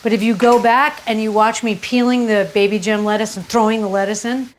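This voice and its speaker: A woman's voice: a little high, level tone, a little fast, noisy background. A woman hosting a casual cooking demonstration in a kitchen, chatty and candid, teasing herself and breaking into sudden exclamations. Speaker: cooking show host.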